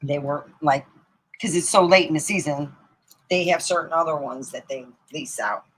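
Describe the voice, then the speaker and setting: A woman's voice: low voice, moderate pace, slightly rough, poor audio. Rambling, profane middle-aged woman storyteller. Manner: rambling and profane, laughing at her own stories. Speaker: comedian. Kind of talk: casual storytelling monologue.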